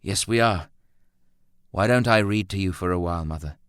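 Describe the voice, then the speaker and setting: Calm, gentle grown son, deep and dry, read by a male narrator. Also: clean tone, dry recording, lightly acted. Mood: pleading. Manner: quiet, soothing, measured.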